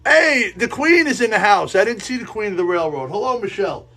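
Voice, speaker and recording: A man hosting a live stream from his model railroad layout, sniffly and sneezing, talking in a rambling, halting way that often repeats itself. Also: high voice, expressive, pushed and bright. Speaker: livestream host running a model railroad. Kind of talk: casual live-stream chat while working. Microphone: earpiece in ear.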